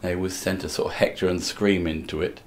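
A man's voice: low-pitched, level tone, fast, darkish tone, slight background noise. An older man from England, a musical comedian, telling wry stories in a casual interview and acting out other people's voices.

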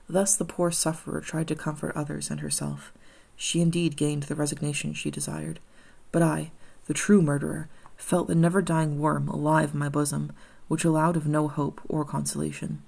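A woman narrating an audiobook in a measured, somber reading. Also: deep voice, flat delivery, gravelly, a little mellow, slightly rough.

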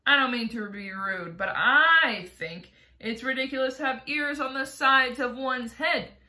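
A woman's voice: high voice, a little slow, pushed and bright, full character voice. A woman doing a scornful cheeky centipede. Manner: scornful, teasing. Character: cheeky rude male centipede. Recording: roomy echo.

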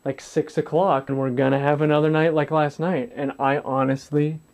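A man's voice: a little high, level tone, moderate pace, a little mellow. Blunt, swearing young man telling a story. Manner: blunt and profane, swears freely, acts out dialogue. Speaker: vlogger. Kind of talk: casual storytelling to camera.

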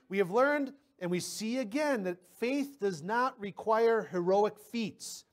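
In this sermon, a male pastor talks conversationally and weaves in personal stories, frequently repeating words at the start of his sentences. His pitch is extremely high.

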